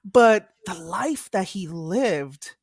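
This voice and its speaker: Outspoken woman in lively film chat. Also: mid-range voice, extremely slow, husky, no echo, clean studio sound. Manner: outspoken, emphatic, laughs easily. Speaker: podcast co-host.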